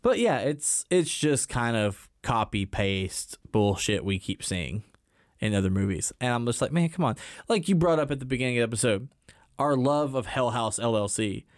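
A man's voice: mid-range voice, animated, normal speed, no echo. Blunt, cursing man on a dry mic. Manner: blunt, profane, emphatic. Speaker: podcast co-host. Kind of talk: casual movie review chat.

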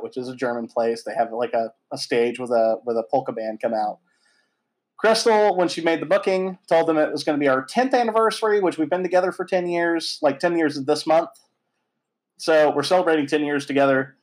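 Brief: thirties male host, upbeat raconteur, slightly high voice, loose and chatty. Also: brisk, low-quality recording. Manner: animated, lively storyteller with frequent fillers and mild swearing. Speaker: podcast host. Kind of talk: casual storytelling chat.

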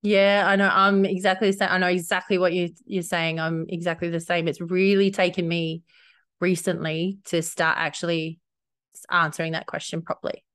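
A woman's voice: on the low side, little pitch movement, normal speed, fairly bright tone, clear, resonant tone. A woman co-hosting a podcast in casual chat, backing her co-host up with frequent affirming interjections.

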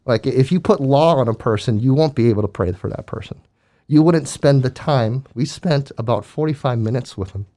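A man's voice: mid-range voice, fairly quick. Earnest man telling a story. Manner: earnest, animated retelling with acted quotes. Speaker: guest telling a ministry story. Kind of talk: casual storytelling.

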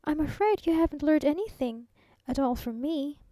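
A woman voicing a gracious young lady traveler who speaks softly and politely. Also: high voice, lively intonation, normal speed, dry recording.

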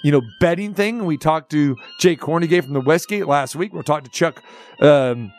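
A man hosting a sports talk radio show, ranting with sarcasm and animated energy. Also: high voice.

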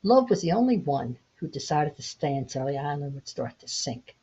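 A woman in her sixties hosting her own podcast, gently telling a parable in an unhurried, reflective way. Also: low-pitched, sing-song, slightly rough. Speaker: podcast host. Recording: dull lo-fi home recording.

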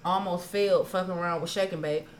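A woman on a podcast telling stories in casual chat, profane and animated, acting out her own past arguments. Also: on the low side, fast talker, a little hiss or hum. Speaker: podcast co-host.

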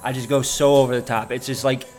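Male co-host, mid pitch, stumbling self-mocking talk, faint music underneath. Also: flat delivery, quick pace, darkish tone. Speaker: podcast co-host. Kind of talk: casual chat.

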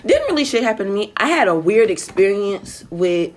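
A woman's voice: medium pitch, normal speed. A young woman who works the night desk at a hotel, telling a story in casual, profane chat and acting out quotes with bursts of laughter. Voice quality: profane, animated retelling with acted quotes and laughter. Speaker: night-shift hotel front desk worker.

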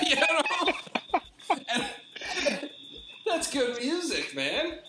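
A man's voice: very high-pitched, very slow. A middle-aged man co-hosting a podcast, telling stories in casual chat and laughing often. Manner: animated storyteller, laughs often. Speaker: podcast co-host. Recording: roomy echo, faint background noise.

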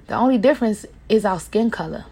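A woman hosting a podcast, talking in an impassioned, casual monologue that swings between a low, quiet voice and a raised one, addressing her listeners as y'all. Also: animated, fast, slightly rough. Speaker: podcast host.

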